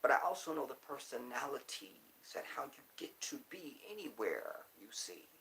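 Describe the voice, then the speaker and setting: A man's voice: medium pitch, very animated, moderate pace, bright, forceful tone, a little hiss or hum, poor audio. A man speaking casually and emphatically to his viewers, repeating his points for stress. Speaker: commentator. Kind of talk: casual monologue.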